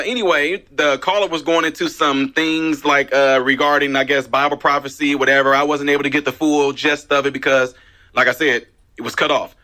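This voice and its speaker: A man, a minister hosting a talk radio show, telling his story in a casual, animated way with emphatic repeats. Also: mid-range voice. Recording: radio broadcast.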